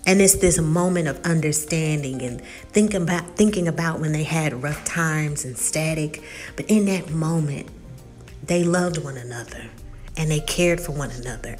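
A woman's voice: sits low, moderate pace, a little mellow, faint music behind. A woman giving a casual recap of a TV episode, telling it in a chatty, storytelling way and slipping into the characters' quoted lines. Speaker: TV recap vlogger. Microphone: USB desk mic.

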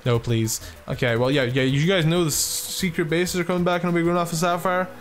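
A man giving casual commentary while playing a game, excitable, swearing freely and full of filler words. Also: a little high, quick pace. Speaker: let's play gamer.

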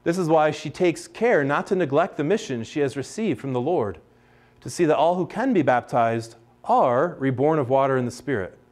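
A somewhat high-voiced American man, a priest, teaches a class in a relaxed, conversational way. He restarts his sentences often and slips into little acted-out voices when he quotes people. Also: moderate pace. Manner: chatty, many restarts, acts out quoted voices.

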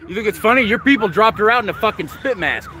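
A man filming a confrontation outdoors in a parking lot, yelling angry, profane insults at staff. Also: high-pitched, animated, fast, a little hiss or hum. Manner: angry, profane shouting at staff, gentle to the woman. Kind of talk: heated confrontation.

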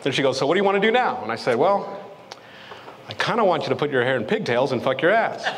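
A man telling a story in a stand-up set, acting out both sides with big jumps in pitch. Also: sing-song, fast talker, a bit bright. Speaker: stand-up comedian. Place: comedy club stage. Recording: live club audio with long reverb and noise. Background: audience laughter.

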